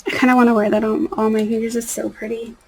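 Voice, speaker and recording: A woman's voice: fairly high pitch, little pitch movement, fast, slightly rough, rough recording. A young woman chatting casually as she does her nails, rambling and trailing off into near-whispers. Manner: rambling, soft-spoken, drifting into near-whispers. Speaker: nail art vlogger. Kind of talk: casual chat.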